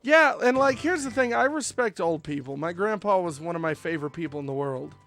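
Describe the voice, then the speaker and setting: A man's voice: high voice, fairly quick. A man streaming a video game, chatting and telling rambling stories. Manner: rambling, animated storytelling with fillers. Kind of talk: casual gameplay chat.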